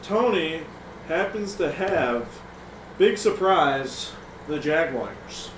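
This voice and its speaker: A man's voice: a little high, animated, takes it slowly, echoey room, far from the mic, slight background noise, low-quality recording. A man co-hosting a casual sports podcast, chatty and joking. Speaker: co-host.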